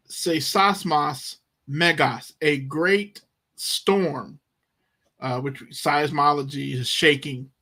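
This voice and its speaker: A man's voice: on the high side, a bit bright. A man teaching Bible Greek, reading verses and explaining the verb tenses with emphatic, dramatic delivery. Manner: slow, emphatic, acts out the disciples' panic.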